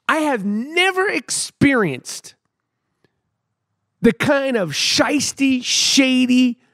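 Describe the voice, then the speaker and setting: Fast-riffing middle-aged New man. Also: extremely high pitch, no room sound, studio quality. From New York City. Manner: animated, emphatic, repeats words for effect, street slang. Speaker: podcast host. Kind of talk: comedic storytelling monologue.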